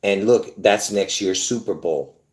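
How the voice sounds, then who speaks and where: This video host's voice sits on the low side, delivered at a measured pace with noticeable reverb. Talking straight to viewers, he keeps repeating himself and starting over, filling gaps with fillers as he insists on what he means.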